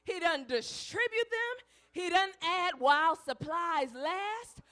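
A woman preaching a sermon, building to shouted climaxes and then dropping soft to tell stories. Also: very high voice, expressive, slow.

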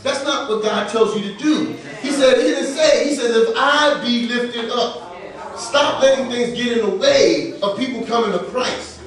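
A male pastor with a high voice preaches and tells a story, laughing as he acts out both sides of a conversation. He is heard from some distance off the mic, and the hall around him rings with heavy echo. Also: normal speed. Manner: animated, laughing storyteller acting out dialogue. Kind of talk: sermon with personal storytelling. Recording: echoey room, voice from far off the mic.

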